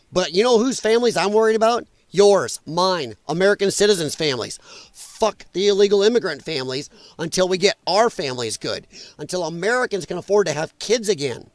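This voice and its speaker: High-voiced man ranting angrily. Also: no echo. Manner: angry, profane, emphatic ranting. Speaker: political livestream host. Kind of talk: casual ranting livestream commentary.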